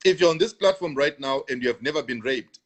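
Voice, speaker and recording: A man's voice: medium pitch, fast. A man preaching on a live stream who answers viewers, repeats his lines for emphasis and restarts often. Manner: repetitive, emphatic, stammering restarts.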